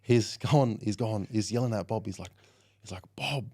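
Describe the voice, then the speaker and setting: Young Australian man, fairly low voice, casual podcast guest, rambling lively storytelling. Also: normal speed. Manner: animated storyteller, heavy use of "like" and "you know". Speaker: guest, professional rugby league player.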